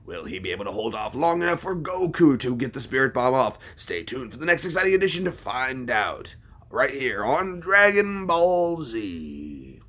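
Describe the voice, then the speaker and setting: A man putting on the voice of a dramatic cartoon-series announcer, in a deep, solemn trailer delivery. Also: very animated, moderate pace, sharp tone, full character voice.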